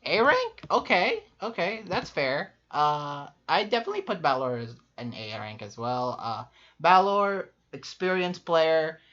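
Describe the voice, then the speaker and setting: A man co-hosting a casual chat, talking quickly with lots of fillers and laughs. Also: fairly high pitch, sing-song, pushed and bright. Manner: quick, upbeat, laughs often, many fillers. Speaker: co-host ranking players. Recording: muffled lo-fi audio.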